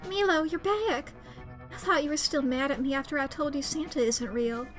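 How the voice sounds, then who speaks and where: A woman's voice: high-pitched, normal speed, faint music behind, lightly acted. A woman voicing a naive young country girl heroine in a put-on rural drawl. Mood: sheepish.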